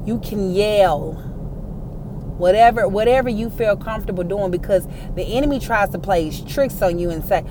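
A woman's voice: mid-range voice, moderate pace, noisy background. Emphatic woman rallying her listeners. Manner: emphatic, repetitive, rallying the audience. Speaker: host addressing viewers and listeners. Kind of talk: motivational faith talk.

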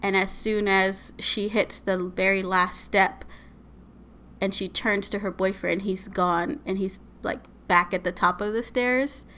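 Woman podcast co-host, bright tone, flat delivery, chatty storyteller. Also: medium pitch, measured pace, slight background noise. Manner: retells eerie stories with many fillers. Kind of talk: casual storytelling chat.

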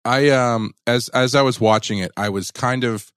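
A man co-hosting a podcast in casual chat, often halting and searching for his words. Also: mid-range voice, a bit bright, clean tone, no room sound, studio quality. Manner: halting, searches for words, many fillers and restarts. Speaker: podcast co-host.

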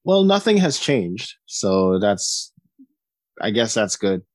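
A man's voice: lowish voice, big pitch swings, takes it slowly, dry recording, studio quality. A man co-hosting a podcast in a laid-back, casual way, mostly giving short replies. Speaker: podcast co-host. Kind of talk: casual chat.

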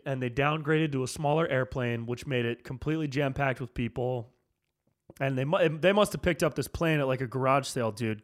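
A man hosting a podcast, ranting casually and profanely, drifting between low mumbled asides and fired-up outbursts. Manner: loose and profane, peppered with "dude", jumps between mumbling and fired-up. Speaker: comedian and podcast host.

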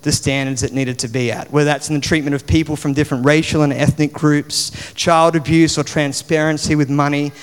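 A man gives a sermon in a loose, chatty way, dropping plenty of fillers as he goes. His voice is slightly high and notably smooth and resonant. It rings out with a long reverb from the hall around him. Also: little pitch movement, a little fast, hardly any pauses. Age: 40s. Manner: conversational, chatty with many fillers. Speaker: preacher.

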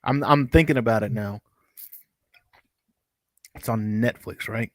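Halting man co-hosting a podcast. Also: fairly low pitch. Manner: halting, many restarts and fillers. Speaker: podcast co-host. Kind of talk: casual chat.

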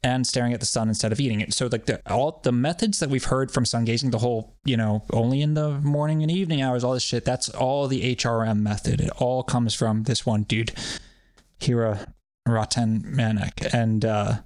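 A man chatting on a podcast in a loose, rambling way, swearing freely and sounding sardonic. His voice is even and mid-pitched. It sounds dry and close, with no room around it. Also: normal speed, no echo. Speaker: podcast co-host. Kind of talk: casual podcast chat.

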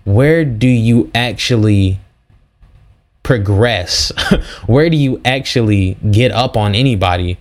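A man's voice: lowish voice, takes it slowly. Slangy young man, podcast host. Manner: slangy, animated storytelling. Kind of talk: casual faith talk. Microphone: podcast mic.

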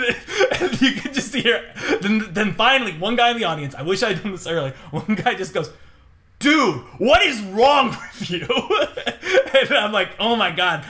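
Podcast co-host, male, tense and bright tone, casual and animated, lots of fillers. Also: high voice, moderate pace. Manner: rambling, animated storytelling with many fillers and laughs. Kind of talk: casual chat.

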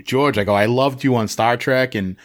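A man co-hosting a casual podcast, telling an anecdote in an animated way and laughing often. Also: medium pitch, normal speed. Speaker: podcast co-host.

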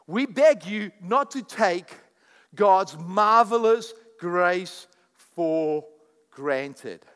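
A man preaching a sermon, swinging between loud proclamations and quieter asides. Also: on the high side, in a large hall. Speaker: pastor.

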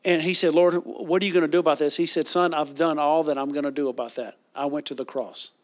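A man's voice: fairly high pitch, steady tone, quick pace. A man preaching a sermon, reading scripture and leading the congregation in call-and-response.

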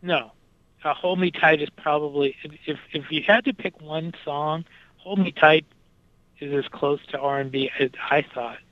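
A man's voice: a little high, steady tone, a little slow, no echo, lo-fi sound. A man talking casually about music, with lots of fillers and restarts as he thinks aloud. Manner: hesitant, many fillers and restarts.

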